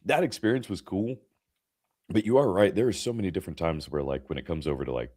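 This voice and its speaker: A young man, an actor, telling an animated story in casual chat over a video call, laughing often and using lots of fillers. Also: deep voice, fast talker, no echo, studio quality. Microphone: remote video call.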